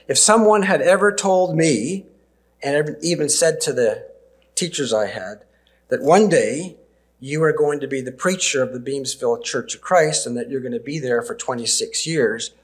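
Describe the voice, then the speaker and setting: A Canadian preacher in his sixties tells stories from the pulpit. His voice sits at a mid pitch. He pauses for emphasis and chuckles gently as he speaks. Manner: warm storytelling with gentle laughs and emphatic pauses. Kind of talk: sermon with personal stories.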